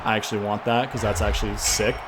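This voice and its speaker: A young man commentating his own wrestling game playthrough, swearing and yelling in frustration at the computer opponent. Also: on the low side, fairly even intonation, fast, background noise. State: sweating from yelling. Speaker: gaming YouTuber. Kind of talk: let's-play commentary.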